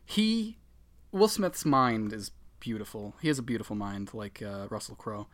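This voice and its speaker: A man's voice: lowish voice, expressive, moderate pace. Sarcastic man in casual chat. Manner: sarcastic, swears, laughs often. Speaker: podcast co-host.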